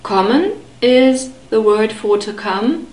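Slow, careful woman teaching pronunciation. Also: a little high, animated, darkish tone, echoey room, poor audio. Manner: careful, deliberate enunciation with repeated model words. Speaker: language teacher.

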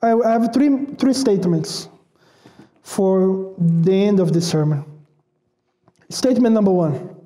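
A man's voice: high-pitched, unhurried, long pauses, dark tone. A man preaching a sermon in a conversational way, repeating words for emphasis and asking the congregation rhetorical questions. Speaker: pastor.

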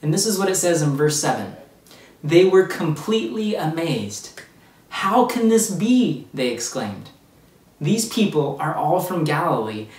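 Upbeat kids' Bible teacher in an echoey room. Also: mid-range voice. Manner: upbeat, speaks straight to children. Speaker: children's ministry teacher. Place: church room. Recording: roomy echo, distant from the mic.

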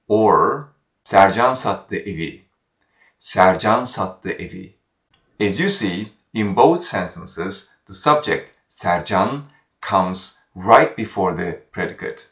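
A man teaching a grammar lesson in scripted narration, speaking deliberately and repeating each example sentence. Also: fairly low pitch, fairly bright tone, echoey room, recorded from a distance. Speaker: language teacher.

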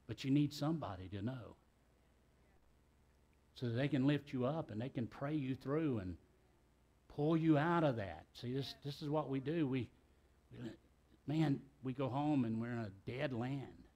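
A man's voice: mid-range voice, unhurried, long pauses, a little mellow, dull audio. A middle-aged man, preaching a sermon in a church in a folksy, talkative way with joking asides. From South Carolina, US. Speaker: pastor. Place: church sanctuary.

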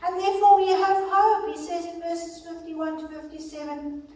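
A woman leads a ladies' Bible study with earnest, expressive teaching and emphatic scripture reading. Her voice is fairly high and picked up from a distance. The big hall around her echoes heavily. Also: normal speed. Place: large church hall. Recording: very echoey hall, far mic.

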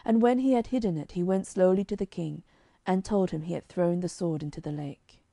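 A woman narrating a children's storybook in a calm, measured reading on a close mic. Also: fairly low pitch, vocal fry, no echo. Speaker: audiobook narrator.

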